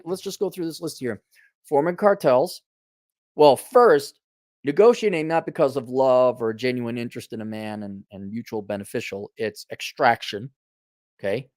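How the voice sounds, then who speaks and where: A male host delivers a blunt, sarcastic rant full of profanity and rambling restarts. His voice rises and falls a lot. The sound is dry and close, with no room echo. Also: mid-range voice. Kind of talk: casual commentary rant.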